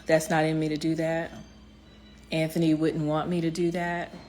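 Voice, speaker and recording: A woman's voice: deep voice, completely flat delivery, moderate pace, darkish tone. A woman giving a heartfelt motivational vlog talk, speaking straight to her viewers with many fillers and restarts. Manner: speaks directly to viewers, encouraging.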